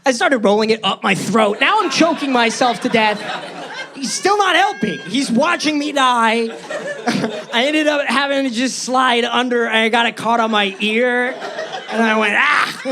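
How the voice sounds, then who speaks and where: A young man performing stand-up comedy on a club stage, nervous and self-deprecating, jumping into squeaky tones for punchlines. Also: measured pace, background noise. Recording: live crowd laughing. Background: audience laughter.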